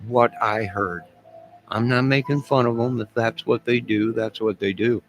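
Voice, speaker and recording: A man's voice: medium pitch, steady tone, normal speed, soft background music. A man talking to his camera in a rambling casual monologue, telling a story with asides and chuckles. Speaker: vlogger.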